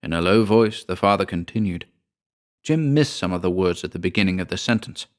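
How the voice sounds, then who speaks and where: Male audiobook narrator, very low voice, measured ghost-story delivery. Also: lively intonation.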